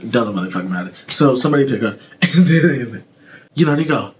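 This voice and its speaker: A man's voice: mid-range voice, expressive, takes it slowly, long pauses, crowd noise. A man vlogger telling a casual storytime full of swearing, laughter and fillers. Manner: rambling, profane, laughing, filler-heavy. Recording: background music behind voice.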